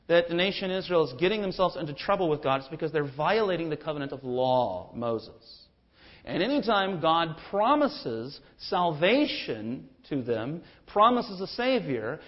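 A man delivers a sermon in a high, animated voice. He climbs into forceful rhetorical questions and then drops low to land his point. The recording sounds somewhat muffled and lo-fi. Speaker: pastor.

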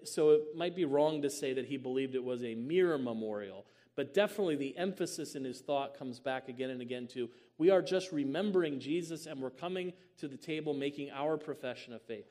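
Guy teaching theology at church, lots of ums, mid-pitched voice, gets booming on the big points. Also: darkish tone. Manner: measured, many "um"s, rising to booming emphasis.

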